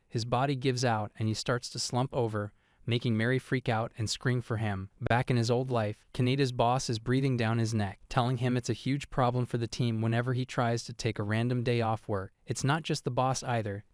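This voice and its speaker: A man's voice: mid-range voice, no room sound. Man narrating a comic recap, dry sound. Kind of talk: scripted story recap narration.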